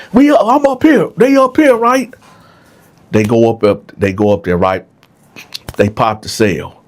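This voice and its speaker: Man telling a story, lively pitch. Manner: conversational, frequent "right?", addresses listeners. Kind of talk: casual storytelling.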